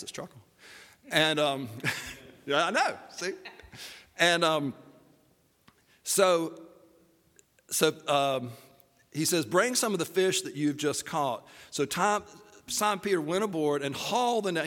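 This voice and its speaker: A man with a high voice preaches with lively, joking storytelling and acts out the characters. Long reverb from a large hall hangs on his words. His delivery is animated and conversational. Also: unhurried, long pauses. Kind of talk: sermon.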